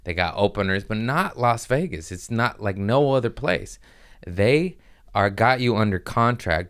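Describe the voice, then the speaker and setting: A comedian hosting his own podcast, swapping stories in an easy, profane way. His voice sits low and comes through smooth and resonant. He keeps it lively, leaping into high-pitched voices whenever he quotes someone. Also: measured pace. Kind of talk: casual storytelling chat.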